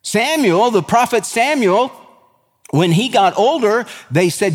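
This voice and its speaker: Lively preaching man in a reverberant hall. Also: sits high, slow. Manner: lively preaching with folksy asides and scripture reading. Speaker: pastor. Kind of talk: sermon.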